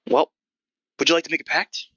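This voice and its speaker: A man voicing a gruff, hairy old goblin who sells tickets and haggles curtly. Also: a little high, fairly even intonation, fairly quick, sharp tone, lo-fi sound, voice pushed up. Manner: curt, stubborn, haggling.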